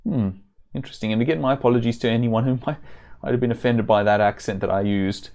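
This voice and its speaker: A man's voice: medium pitch, quick pace, darkish tone. A man giving chatty, casual commentary while streaming a game, with self-deprecating asides.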